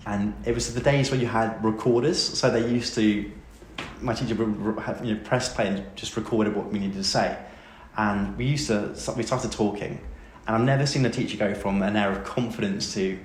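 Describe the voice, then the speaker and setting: A man with an English accent, a former pupil, telling a funny school story in a chatty, self-deprecating way. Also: fairly low pitch. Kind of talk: anecdotal interview recollection. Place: school room. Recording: echoey room with faint hiss.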